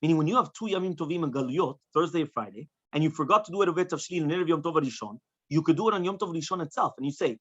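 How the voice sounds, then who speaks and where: A man with a fairly high voice rattles through a Talmud class at a brisk clip. He translates phrase by phrase and checks in with his students as he goes. The dull, lo-fi recording sounds like a class taped in the room. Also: expressive, breathy edge. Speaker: rabbi teaching Talmud. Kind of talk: Talmud study lecture.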